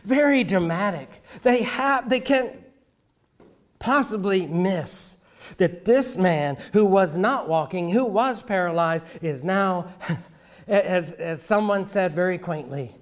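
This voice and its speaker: Male preacher, middle-aged, higher register, dramatic pauses and hushed drops. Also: animated. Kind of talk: sermon.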